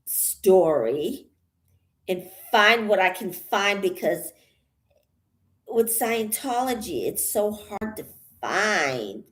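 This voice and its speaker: A woman vlogging casually as she paints, out of breath and rambling with many pauses, thinking aloud. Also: medium pitch, big pitch swings, fairly bright tone. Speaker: channel host. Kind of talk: casual vlog while painting.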